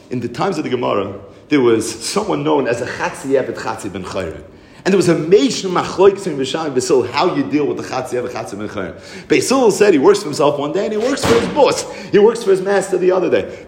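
A man's voice: on the high side, big pitch swings, a little fast, echoey room. A man giving a Torah class and telling a Hasidic story, mixing in Hebrew and Yiddish terms and acting out the voices in it. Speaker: Torah teacher.

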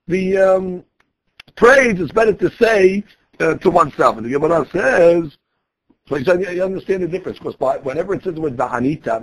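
A man's voice: on the high side, slightly rough. A man teaching a Talmud lesson, explaining each quoted phrase and restating his points in a conversational way.

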